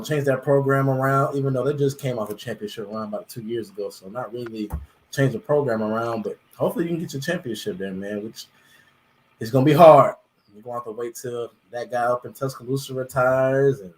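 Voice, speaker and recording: Man, sports panelist, mid-pitched voice, chatty and emphatic. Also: slight background noise, poor audio. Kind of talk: casual sports debate.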